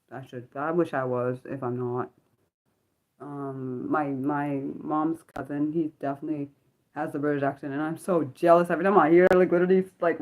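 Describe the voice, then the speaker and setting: A woman in her thirties chats on a casual livestream, her voice sitting a little low. She rambles from one topic to the next and sometimes loses her train of thought. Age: 30s. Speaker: livestream host. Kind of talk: casual unscripted livestream chat.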